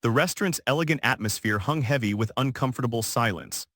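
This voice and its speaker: A man reading a dramatic story as narrator, in a steady, even storytelling delivery. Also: medium pitch, quick pace, dry recording, clean studio sound. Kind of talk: scripted narration.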